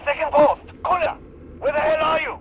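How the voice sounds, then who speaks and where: An actor playing an irritated guard who yells for a missing comrade, in video game dialogue. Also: male voice, very high-pitched, steady tone, moderate pace, slight background noise. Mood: exasperated. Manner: shouting, exasperated. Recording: distant game audio with music.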